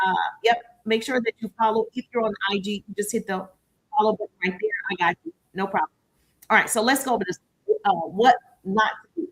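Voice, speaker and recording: A woman business coach leading a live-streamed training, upbeat and chatty, giving shout-outs to her viewers. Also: on the high side, quick pace, low-quality recording.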